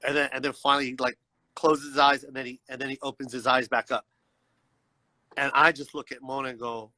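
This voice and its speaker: A man telling a personal story as a guest on a livestreamed video call, animated and acting out the people in it, often checking in with "you know what I mean.". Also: medium pitch, a little fast, dry recording, low-quality recording. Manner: animated, acts out voices in his story.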